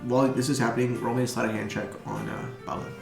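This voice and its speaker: A man narrating as game master, animated and laughing often. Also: medium pitch, fast, vocal fry, roomy sound, over loud music.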